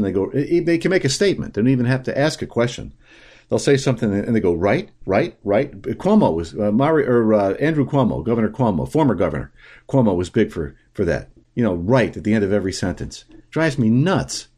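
A man hosting solo political commentary, opinionated and halting, with frequent fillers and restarts. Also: medium pitch, a little mellow.

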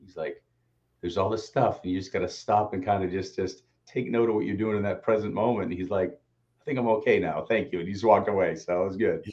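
A laid-back man co-hosting a casual chat, easygoing and calm. His voice sits low, and the audio is dull and lo-fi, like an online call. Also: quick pace. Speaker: co-host.

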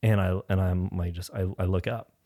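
A man's voice: low-pitched, fairly even intonation, a little fast, dark tone, no room sound, studio quality. A man sharing a personal faith testimony as a podcast guest, rambling, with frequent restarts and filler words.

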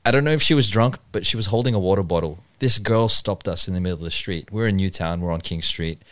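Man chatting on a podcast, dry close sound, rambling animated storyteller. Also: deep voice, fast, no room sound. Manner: animated storyteller who acts out quotes, rambling with restarts. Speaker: podcast host, stand-up comedian. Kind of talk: casual chat.

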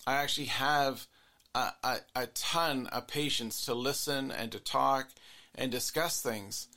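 Bright-voiced musing male therapist. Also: medium pitch, a little slow. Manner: musing, repetitive, earnest. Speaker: couples therapist and podcast host. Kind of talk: reflective solo monologue.

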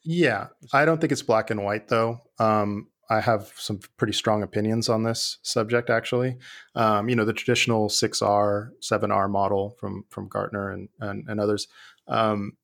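Gravelly low-voiced man in an interview. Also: moderate pace. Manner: relaxed, thoughtful, with fillers and restarts. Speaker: guest, former IT leader. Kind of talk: conversational interview.

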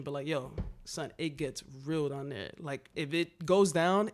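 A man's voice: on the high side, unhurried, few pauses. A man telling wild stories in casual chat, swearing often and acting out what people said. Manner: animated, swearing, slangy, acts out quotes. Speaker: graffiti writer telling stories. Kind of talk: casual storytelling.

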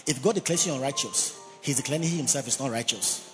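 A man's voice: mid-range voice, fast talker, a bit bright, faint music behind. A man preaching a sermon, emphatic, who repeats key words and has the congregation say phrases after him. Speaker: pastor. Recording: long reverb of a large hall.

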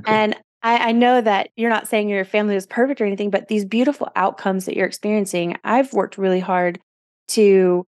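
A woman in her forties hosts a podcast, and she speaks earnestly and with feeling. Her voice sits in a middle pitch, and the recording is dry and close. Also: steady tone, brisk, a little mellow, no room sound. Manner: earnest, emotional, reflective. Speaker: podcast host. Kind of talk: casual interview chat.

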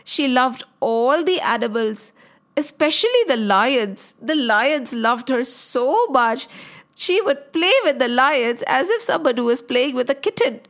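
A woman narrating a children's story in an animated, sing-song way. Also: high-pitched, measured pace.

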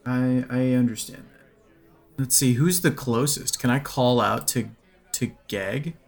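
A man's voice: medium pitch, slow. A man playing a tabletop game, searching for words with many fillers. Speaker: player. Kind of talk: casual tabletop play.

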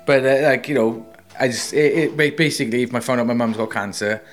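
A man's voice: medium pitch, a little fast, soft background music. Sweary man chatting loosely. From Wales. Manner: sweary, rambling, animated storytelling. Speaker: co-host, tattoo artist. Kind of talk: casual chat.

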